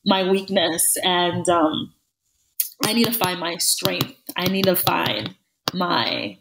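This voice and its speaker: A woman co-hosting a podcast in casual chat, talking in an animated, emphatic way and repeating phrases for stress. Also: lowish voice, takes it slowly, gravelly, background noise. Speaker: podcast co-host.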